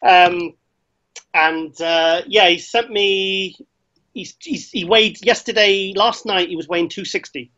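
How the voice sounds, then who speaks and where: Male co-host, high-voiced, chatty and excitable, lo-fi sound. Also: slow. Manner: excitable storytelling, lots of restarts. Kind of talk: casual chat. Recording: slightly dull lo-fi sound.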